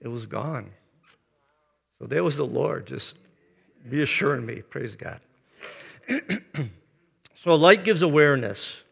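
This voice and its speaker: An older man in his seventies preaches a sermon with a gravelly, creaky voice. He tells stories earnestly and clears his throat often. A long reverb from the hall trails his words. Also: medium pitch, expressive, slow pace, long pauses, a bit bright. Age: 70s. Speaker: pastor.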